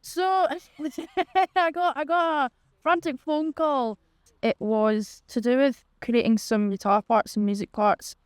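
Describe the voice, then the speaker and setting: A woman's voice: sits high, fairly even intonation, slow pace, no echo. A woman, a musician and photographer, chatting in a documentary interview with loose filler words.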